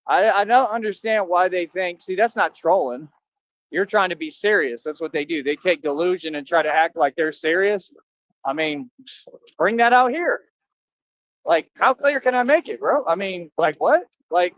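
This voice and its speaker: A man's voice: high voice, a bit bright, highs cut off. A man livestreaming, talking to his viewers in a boastful, confrontational rambling monologue with slangy street talk.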